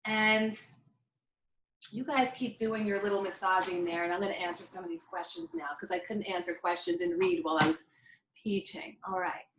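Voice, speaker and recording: A woman's voice: mid-range voice, steady tone, normal speed, roomy sound, recorded from a distance, background noise. A woman teaching a yoga class, chatty and encouraging as she talks through each move. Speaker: yoga instructor. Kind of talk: guided yoga class instruction.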